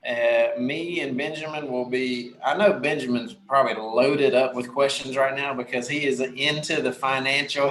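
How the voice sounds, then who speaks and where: A man's voice: medium pitch, brisk, a bit bright. A man hosting a casual panel call, upbeat and chatty as he speaks to viewers. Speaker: host. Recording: roomy echo.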